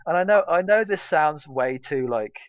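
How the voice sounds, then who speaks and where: A man's voice: a little high, animated, moderate pace, no echo. A British man co-hosting a gaming podcast, rambling casually with lots of hesitations and fillers. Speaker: podcast co-host. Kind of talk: casual chat. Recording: dull, dry lo-fi mic.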